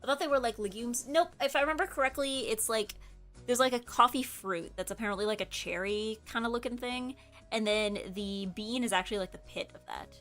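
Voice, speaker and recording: A woman's voice: a little high, a little fast, a bit bright, faint music behind. A woman streamer in casual chat, rambling and correcting herself, with lots of filler words. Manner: rambling, chatty, many filler likes, self-correcting.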